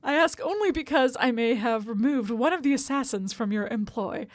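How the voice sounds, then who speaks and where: Woman reading as sly male elf assassin, flirtatious, no accent, slightly high voice. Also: lively intonation, normal speed, no room sound, close to an everyday voice. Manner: reads the letter in her own voice, no accent.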